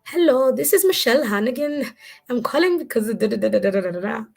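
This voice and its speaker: A woman's voice: fairly high pitch, animated, fast talker, creaky, a little mellow. A woman voicing a woman telemarketer with a Russian accent and a stiff, raised phone greeting.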